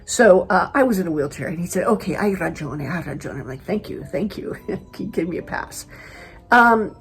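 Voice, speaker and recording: A middle-aged woman from California, chatty and animated, telling a personal story to camera as a travel vlogger. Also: lowish voice. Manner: chatty, animated retelling with quoted dialogue.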